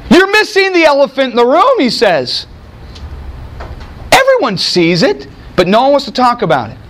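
A man preaching a sermon in an animated, conversational way, with sudden swings in how he delivers lines. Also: very high voice, normal speed. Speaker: pastor.

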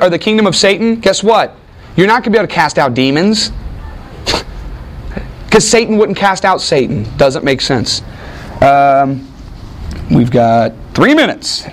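A man's voice: sits high, lively intonation, normal speed, long pauses. A man teaching a Bible class, lecturing conversationally to a room of students and peppering the talk with rhetorical questions.

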